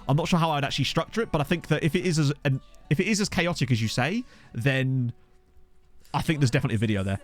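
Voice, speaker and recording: A man live-streaming a management game, chatting casually and getting excitable, swearing when something surprises him, into a desk microphone. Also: medium pitch. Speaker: gaming streamer. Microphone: desktop USB microphone.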